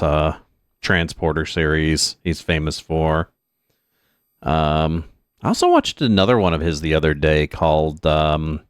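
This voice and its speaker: A man's voice: deep voice, smooth, no echo, clean studio sound. A man hosting a casual let's-play stream, chatting and rambling with lots of fillers and asides, a bit stuffy from allergies. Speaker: streamer and host.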